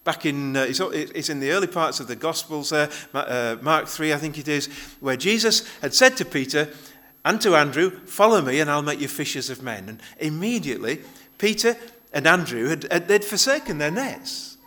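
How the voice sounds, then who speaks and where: A man's voice: a little high, expressive, moderate pace, pushed and bright. A male pastor giving a conversational sermon, often restarting his phrases as he explains a Bible passage.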